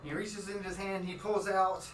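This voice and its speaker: A man runs a tabletop game as game master, narrating in a rambling way with many restarts. His voice sits a bit high for a man. The sound is echoey and distant, with clear music behind it. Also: little pitch movement, normal speed, fairly bright tone. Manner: rambling, full of restarts and fillers. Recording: roomy, from far off.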